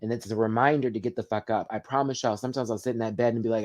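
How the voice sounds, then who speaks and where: A man hosts a casual live chat, choked up and emotional. His voice sits a little low, and he talks in an open, heartfelt way, swearing freely as he reads comments. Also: racing, hardly any pauses, darkish tone. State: tearful, emotional. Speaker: livestream host.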